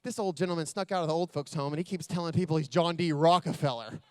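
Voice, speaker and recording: A man voicing a flustered, hurried nurse. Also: low-pitched, dry recording, voice pushed down, close to an everyday voice. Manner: hurried, apologetic. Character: flustered nurse from a care home.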